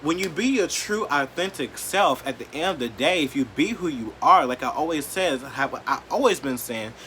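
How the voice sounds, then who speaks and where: A man vlogging an emotional rant to camera, blunt and profane, leaning on "like" and swinging between quiet, hurt lows and loud, defiant outbursts. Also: expressive, moderate pace, a little hiss or hum. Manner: blunt, profane and heated, heavy use of "like".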